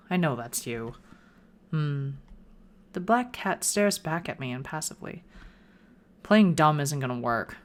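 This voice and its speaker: A woman reading a visual novel aloud in the first person, with playful asides of her own. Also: low voice. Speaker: gaming video creator.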